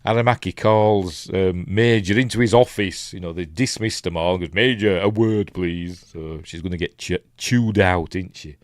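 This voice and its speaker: Deep-voiced and speaking at normal speed with few pauses, this man comes through a dry, clean studio recording. A film reviewer from Yorkshire hosting a live watch-along, he talks casually and ramblingly, hesitating with ums and restarts and chuckling at his own asides.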